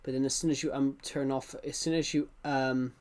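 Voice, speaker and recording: A man's voice: mid-range voice, level tone, normal speed, darkish tone. A young man chatting casually with viewers during a game live stream, rambling and often correcting himself. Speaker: livestreamer.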